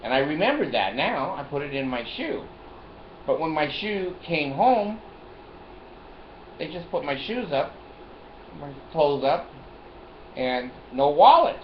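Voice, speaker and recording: A man's voice: on the high side, big pitch swings, a little slow, long pauses. An older man telling a rambling personal story in a vlog, chuckling often and repeating himself. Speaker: vlogger. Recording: roomy, dull lo-fi recording with faint hiss.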